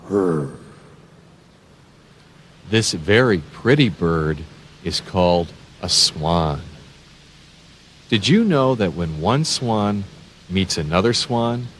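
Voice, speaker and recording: A man hosting a children's read-along, talking slowly with sing-song emphasis and playful animal sounds. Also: sits low, slightly rough. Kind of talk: slow, animated reading to young children.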